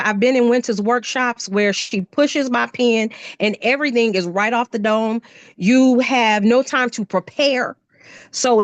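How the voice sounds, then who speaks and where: A woman's voice: a little high, no room sound. A middle-aged woman, a poet and craft artist telling stories in a casual interview and acting things out as she talks. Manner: animated storyteller who acts things out.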